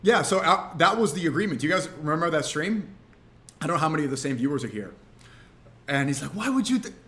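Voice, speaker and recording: Male streamer, fairly high voice, casual and animated storytelling, rambling. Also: quick pace. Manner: animated, rambling, frequent restarts.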